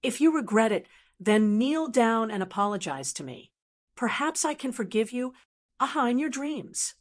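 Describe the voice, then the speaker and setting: A woman's voice: a little high, sing-song, normal speed. A woman voicing a haughty, taunting mermaid queen. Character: proud, cold mermaid queen, mocking.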